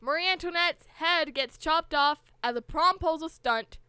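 A woman's voice: very high voice, normal speed, sharp tone, no room sound. A young woman co-hosting a podcast, chatting casually and bluntly while she recaps a show. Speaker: podcast co-host.

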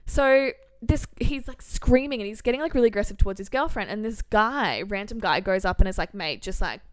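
Smooth-voiced young woman storyteller. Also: on the high side, a little fast, no echo. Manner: animated storyteller, acting out quotes, heavy use of "like". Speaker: podcast co-host. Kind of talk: casual chat, storytelling.

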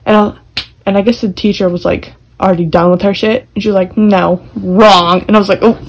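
A woman's voice: mid-range voice, steady tone, a little fast, slight background noise, rough recording. Chatty, profane young woman. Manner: chatty storyteller, swears freely. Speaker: podcast co-host. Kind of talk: casual chat.

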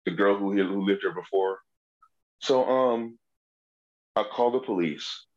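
A comedian spins rowdy, profane tales in casual podcast chat, slipping into the voices of the people in his stories. His voice sits fairly low and his pace is measured, while the recording sounds dull and a little lo-fi.

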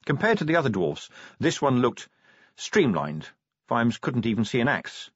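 A man narrating an audiobook in a dry, expressive storytelling manner. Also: medium pitch, normal speed, breathy edge, dry recording, lo-fi sound.

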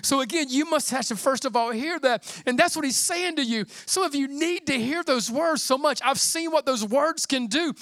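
A middle-aged man preaching a sermon in a fervent, conversational way, often dropping to a hushed near-whisper. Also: very high voice, moderate pace, hardly any pauses, no echo. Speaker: pastor.

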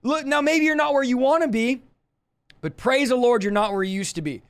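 A man leads a livestreamed Bible teaching in a fiery, emphatic style. His voice sits high, and he talks straight at the camera to press each point home. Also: brisk, smooth. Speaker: preacher.

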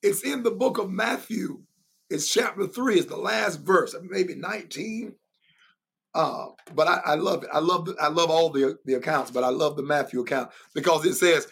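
A man's voice: a little high, normal speed, creaky, a bit bright, slightly rough. A man teaching in a sermon style, emphatic and repetitive, who often laughs as he goes. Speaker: preacher and Bible teacher.

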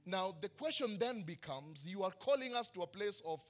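A man's voice: high voice, lively intonation, normal speed. A male pastor preaching a sermon, building emphatic questions and answering them himself. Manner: preaching with rising emphatic questions and call-and-response.

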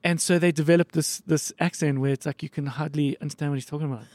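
A male podcast host in casual chat, rambling quickly with lots of fillers and the odd swear. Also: on the high side, fairly even intonation, darkish tone, dry recording. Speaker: podcast host running a mock video store.

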